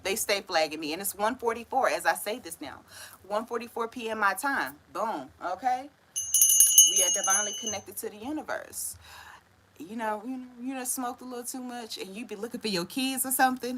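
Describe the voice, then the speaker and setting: A woman's voice: fairly high pitch, brisk, a bit bright, poor audio. A woman giving a casual tarot reading, talking in a chatty, slangy way full of "right?" tag questions and frequent laughs. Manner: laughs often while telling stories. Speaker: tarot reader.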